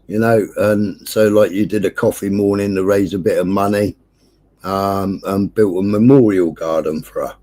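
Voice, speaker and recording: A man, hosting a livestream and telling a neighbourhood story in casual chat, swearing nonstop with animated delivery. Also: deep voice, moderate pace. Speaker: livestream host. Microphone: streaming setup.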